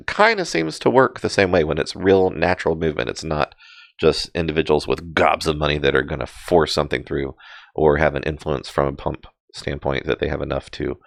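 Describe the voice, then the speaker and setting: A man's voice: very deep voice, creaky, no room sound, studio quality. A man giving casual live crypto chart commentary, rambling with many fillers and self-deprecating asides. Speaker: crypto market streamer.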